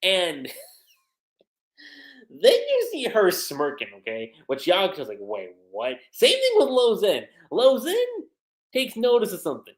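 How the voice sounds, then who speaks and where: A man giving casual livestream commentary as a manga reviewer, chatty and animated. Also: high voice, normal speed, echoey room. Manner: animated, chatty, frequent laughter and fillers.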